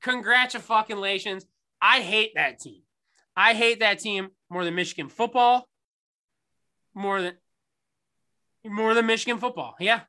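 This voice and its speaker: A man's voice: sits high, a little slow, pauses often, pushed and bright, clean tone. A man in his thirties co-hosting a podcast, ranting sarcastically and swearing through casual sports chat. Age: 30s. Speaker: podcast co-host.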